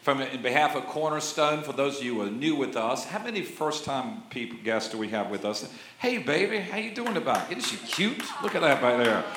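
A man's voice: medium pitch, sing-song, brisk, few pauses, fairly bright tone. A man in his sixties preaching a sermon as a pastor, folksy and conversational, with jokes and frequent amens. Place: church sanctuary. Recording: roomy church echo.

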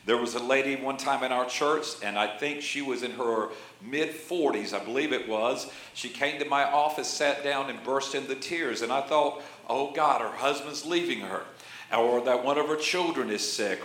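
A man's voice: mid-range voice, fairly bright tone. A man in his sixties preaching a sermon as a pastor, folksy and conversational, with jokes and frequent amens. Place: church sanctuary. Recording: roomy church echo.

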